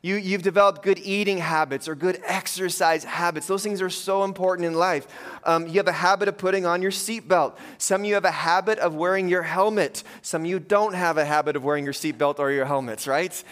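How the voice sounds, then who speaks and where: A man's voice: sits high, steady tone, fairly quick, a bit bright. A man preaching a conversational sermon, telling funny stories to his congregation. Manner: conversational, joking storyteller. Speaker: pastor.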